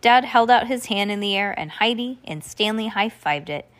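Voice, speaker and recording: A woman's voice: mid-range voice, expressive, moderate pace. A young adult woman hosting a podcast, reading a children's storybook aloud with playful asides.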